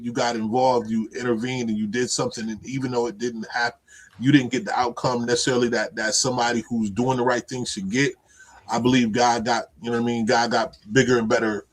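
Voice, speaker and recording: A man's voice: mid-range voice, rough recording. A man hosting a casual podcast, talking earnestly and often asking "you know what I mean". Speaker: podcast host.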